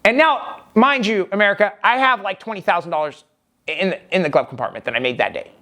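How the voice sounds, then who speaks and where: A man's voice: high-pitched, fast, bright, forceful tone. A man telling a personal story in a vlog, rambling and emphatic with frequent restarts. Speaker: vlogger.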